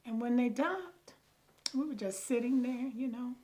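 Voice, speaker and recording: A woman's voice: on the high side, measured pace, dark tone. An older woman telling a personal story with animation, raising her voice to act out the people she quotes. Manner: acts out quoted people in a raised voice. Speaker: storyteller guest. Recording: music playing underneath.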